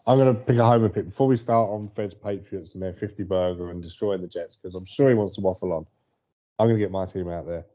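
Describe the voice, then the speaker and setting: A man with a low, warm voice talks at a quick pace as co-host of a casual sports podcast. He tells stories chattily and laughs often. The audio is dull and lo-fi.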